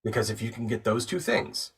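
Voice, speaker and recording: A man who works as a voice actor and narrator, a guest on the show, calmly and thoughtfully explaining his craft step by step in casual conversation. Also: mid-range voice, brisk, slightly rough, distant mic. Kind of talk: casual interview chat.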